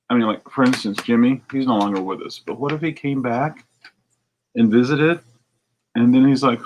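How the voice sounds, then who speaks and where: An American man who owns a record store talks casually to a video audience inside his shop as he sorts used CDs, rambling and murmuring asides. His medium-pitched voice is a little mellow and moves at normal speed, with poor audio and slight background noise.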